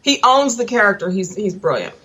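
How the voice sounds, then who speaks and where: A woman's voice: medium pitch, sing-song, fairly quick, a bit bright. A woman chatting casually and teasingly on a video call, laughing often as she talks. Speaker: co-producer and guest. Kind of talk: casual chat.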